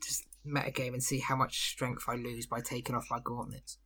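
A man's voice: mid-range voice, little pitch movement, normal speed, sharp tone, a little hiss or hum. A man playing in a tabletop game, talking hesitantly with many fillers. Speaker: player.

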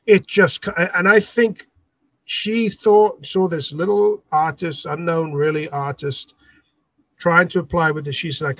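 A man's voice: fairly high pitch, unhurried, fairly bright tone, no echo. A man, an artist and author, recounting a dispute in an interview with indignant emphasis. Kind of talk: storytelling in an interview.

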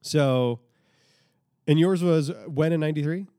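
A man's voice: fairly high pitch, measured pace, mellow, no room sound, clean studio sound. A man co-hosting a podcast in casual chat, thinking aloud and restarting his sentences as he talks. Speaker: podcast co-host.

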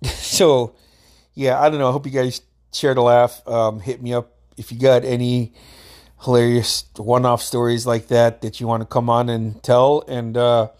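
A man casually telling a rambling personal story, laughing often and swearing a lot. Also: mid-range voice.

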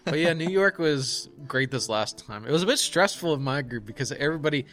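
Young male podcast co-host, lightly raised voice, lively storyteller. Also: a little high, a little fast, soft background music. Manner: animated storyteller, laughs often. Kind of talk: casual chat.

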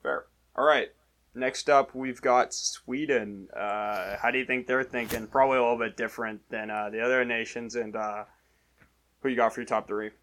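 A man's voice: medium pitch, fairly even intonation, normal speed, fairly bright tone. A man hosting a podcast, talking loosely and joking, with fillers and the odd swear. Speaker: podcast host. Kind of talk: casual sports chat.

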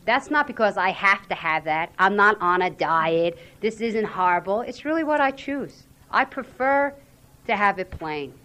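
A woman's voice: medium pitch, expressive, normal speed, bright, forceful tone. A woman giving a frank, earnest personal share at a recovery fellowship weekend, talking candidly about her struggles. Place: weekend retreat venue.

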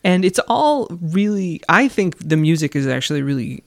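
A man with a fairly high voice and a gravelly fry, talking over a film on a podcast. He hesitates and searches for his words as he goes. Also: very animated, normal speed. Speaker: podcast co-host. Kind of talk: casual film discussion.

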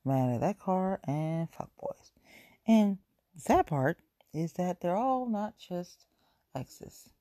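A woman's voice: fairly low pitch, animated, slow, warm tone, dry recording. A woman from chatting casually on her own show, rambling, repeating herself and speaking frankly. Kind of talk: casual solo chat.

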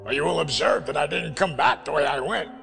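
A hard, curt sea captain who gives orders without wasting a word, voiced by a man reading a novel aloud. His pitch rises and falls freely over a long, reverberant echo. Music sits clearly under the reading. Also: expressive, brisk, a bit bright, full character voice. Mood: commanding. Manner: curt, commanding. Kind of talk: audiobook reading.

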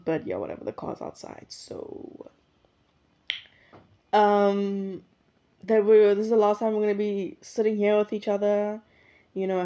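A woman's voice: lowish voice, mellow, dull audio. A young woman hosting her own podcast alone, thinking aloud in a rambling, reflective way and often correcting herself mid-sentence. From South Africa. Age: young adult. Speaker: podcast host. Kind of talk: casual solo podcast monologue. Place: indoors at her usual recording spot.

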